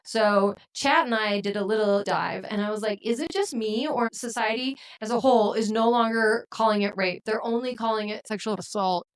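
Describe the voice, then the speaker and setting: A woman co-hosting a podcast, talking in casual discussion and making her points in a measured, deliberate way. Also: mid-range voice, steady tone, poor audio. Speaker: podcast co-host.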